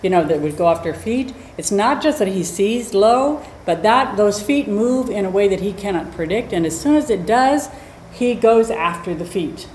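A woman dog trainer teaching a class in a chatty, animated way, acting out little scenes as she explains. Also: medium pitch, normal speed. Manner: animated, chatty, acts out quotes. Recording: roomy echo, faint noise.

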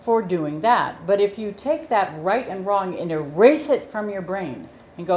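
A woman's voice: mid-range voice, animated, a little slow, few pauses, darkish tone, echoey room, slight background noise. A woman talking casually about dog training, explaining patiently and telling stories with animation. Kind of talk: casual chat.

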